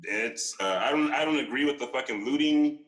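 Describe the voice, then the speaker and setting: A man's voice: medium pitch, brisk, rough recording. A man talking casually as a podcast guest, rambling with lots of fillers, restarts and swearing. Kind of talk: casual conversation.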